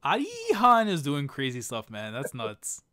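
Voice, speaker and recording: A man's voice: mid-range voice, wildly swooping pitch, measured pace, pushed and bright. A man hosting a casual live stream, laughing often and reading chat comments aloud. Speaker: stream host.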